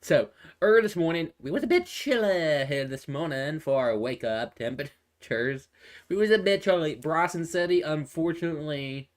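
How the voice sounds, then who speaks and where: A man's voice: a little high, lively intonation, normal speed. A man giving casual live traffic and weather updates into a phone, rambling and repeating himself with many fillers and restarts. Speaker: amateur weather and traffic presenter.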